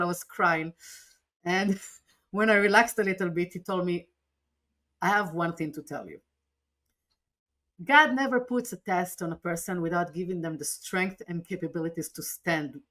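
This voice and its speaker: Her voice is on the low side as she tells a personal story while guesting on a podcast interview. Earnest and lively, she repeatedly restarts what she's saying.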